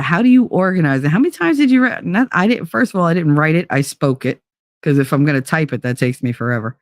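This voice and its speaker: A woman with a deep, expressive voice talks a little fast, recorded dry with studio quality. She hosts a livestream talk show and chats casually with her live chat audience, telling stories bluntly and profanely, laughing, and slipping into put-on accents.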